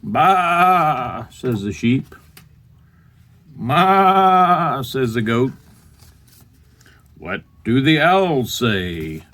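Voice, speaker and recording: A man reading a picture book aloud in a bookstore, playfully breaking into loud high animal noises. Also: big pitch swings, very slow, pauses often. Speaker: storybook reader.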